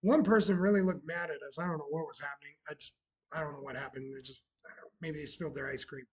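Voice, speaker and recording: A man's voice: fairly high pitch, fairly even intonation, quick pace, breathy edge, poor audio. A man chatting casually on a live stream, sarcastic and talkative, greeting viewers as he goes. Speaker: streamer running a bar roleplay channel.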